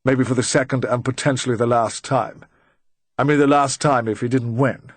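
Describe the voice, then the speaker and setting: A man's voice: mid-range voice, steady tone, normal speed, dry recording, natural voice. A man reading a shrewd official who questions others with dry, leading remarks. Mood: probing.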